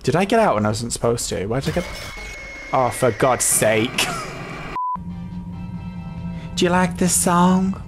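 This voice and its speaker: A young woman giving let's play commentary, excitable and given to swearing, jumping between squeals and low mutters. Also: moderate pace. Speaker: gaming YouTuber. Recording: game music playing behind.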